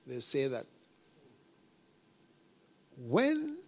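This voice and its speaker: A middle-aged pastor delivers a sermon in a gravelly voice with a lot of vocal fry. His pitch sits in an ordinary middle range for a man. He preaches conversationally, repeats his points and leans on folksy proverbs, with soft chuckles. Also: huge pitch swings, extremely slow.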